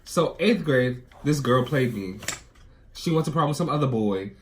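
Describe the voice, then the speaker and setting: A young man with a New York accent in a casual chat, telling stories in an animated way and swearing a lot. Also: medium pitch, moderate pace, slight background noise. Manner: animated storytelling, swears often. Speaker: co-host.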